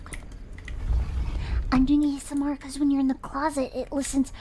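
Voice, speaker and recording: A woman's voice: high-pitched, completely flat delivery, fairly quick, dark tone. A young woman streaming a game, chatting playfully with her viewers and acting mock-scared. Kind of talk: casual gameplay commentary.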